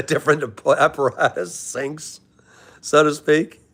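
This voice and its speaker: A man's voice: fairly high pitch, fairly even intonation, takes it slowly, vocal fry, a bit bright. A young man hosting a live stream, casually greeting chatters by name and calling them brother. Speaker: livestream host reading chat.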